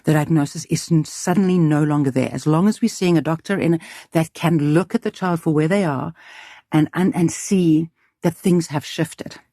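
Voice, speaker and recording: A woman's voice: deep voice, normal speed, warm tone, dry recording, clean studio sound. A woman who runs a school, speaking earnestly and emphatically in an interview, thinking aloud with restarts. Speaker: school leader. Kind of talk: reflective interview talk.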